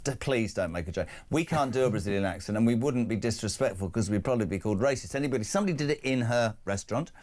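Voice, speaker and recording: A brash male talk radio host who rants about the news one moment and cracks cheeky jokes the next. His voice sits in an ordinary middle pitch, and his delivery is loud, opinionated and full of banter. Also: lively intonation, rapid-fire, hardly any pauses. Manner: brash, jokey, ranting. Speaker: radio breakfast show host.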